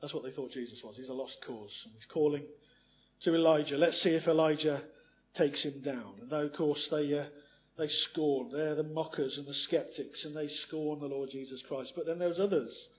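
Male preacher, high-pitched, earnest sermon delivery with rhetorical questions and hushed asides. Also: normal speed.

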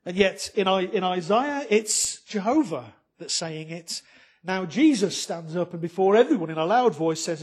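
A man preaching a sermon to his congregation, with many rhetorical questions, swinging between loud emphatic lines and soft quiet ones. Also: sits high, lively intonation, moderate pace, slightly rough.

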